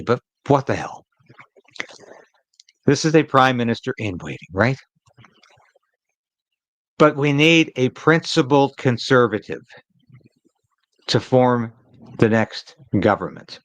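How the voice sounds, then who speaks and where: A man's voice: medium pitch, very animated, measured pace, long pauses, fairly bright tone, dry recording, poor audio. A man hosting a live political commentary stream, talking in an emphatic, opinionated way and repeating phrases to drive a point home.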